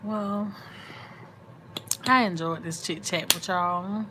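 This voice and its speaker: A woman's voice: on the low side, steady tone, slow, background noise. A woman, sleepy and chatty, talking casually to viewers in a late-night live chat. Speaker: vlog host.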